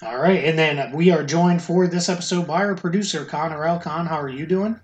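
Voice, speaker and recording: A man's voice: fairly high pitch, a little fast. A man from the Boston area hosting a podcast in a loose, conversational way with frequent restarts. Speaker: podcast host. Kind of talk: casual podcast talk.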